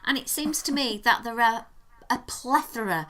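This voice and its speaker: A British woman with a bright, forceful voice co-hosts a podcast in easy conversation. She explains things playfully and with emphasis. Her pitch sits a little on the high side. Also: lively intonation, normal speed. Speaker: podcast co-host. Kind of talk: casual chat.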